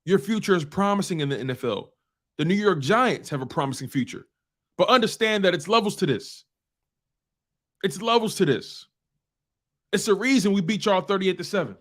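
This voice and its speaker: A man hosting a sports talk show, ranting in a casual, animated way and repeating phrases for emphasis. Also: high voice, normal speed, pauses often.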